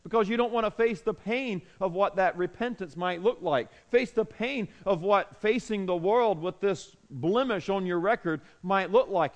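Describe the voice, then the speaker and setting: A man preaching a sermon in an earnest, emphatic way, with pauses and restarts. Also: high voice. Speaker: pastor.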